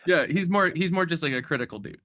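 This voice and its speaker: A man chatting casually about a novel, giving quick opinionated remarks. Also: a little high, lively intonation, sharp tone, no room sound, clean studio sound. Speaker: book discussion participant. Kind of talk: casual chat.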